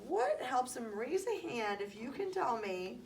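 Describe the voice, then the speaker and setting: A woman's voice: sits high, very animated, unhurried, a little mellow. A woman teaching young children, patient and encouraging, asking questions and calling on them by name. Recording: distant mic, faint background noise.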